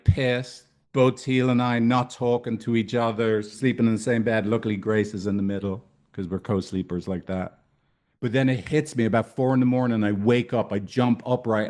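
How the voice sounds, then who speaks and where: Animated, profane male storyteller. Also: mid-range voice, moderate pace. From Ireland. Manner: animated, profane, emphatic repetition. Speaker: couples therapist. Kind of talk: storytelling talk.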